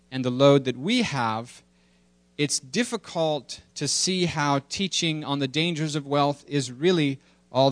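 Rich: A man preaching a sermon in a loose, conversational way, joking at his own expense. His pitch is mid-range and his voice sounds dry and close to the mic. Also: fairly bright tone, no echo. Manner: conversational, self-deprecating. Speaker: pastor.

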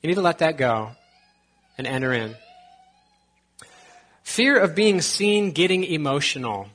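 A man's voice: a little high, very animated, a little slow, a bit bright. A man preaching a sermon as pastor, conversational with joking asides and quotes from scripture.

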